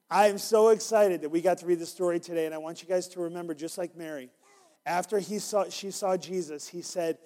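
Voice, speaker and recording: A man's voice: high voice, brisk. A man reading an interactive Bible story to children as their minister and coaxing them to join in. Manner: animated, coaxing listeners to join in. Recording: long hall reverb.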